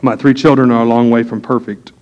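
A man's voice: medium pitch, flat delivery, fairly quick, darkish tone, highs cut off. A middle-aged man, a pastor preaching a sermon to his congregation in a folksy storytelling way.

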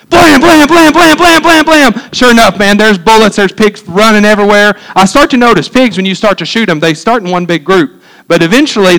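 A man preaching a sermon, telling a hunting story in an animated, emphatic way and acting out gunshot sounds. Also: sits high, poor audio. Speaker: pastor.

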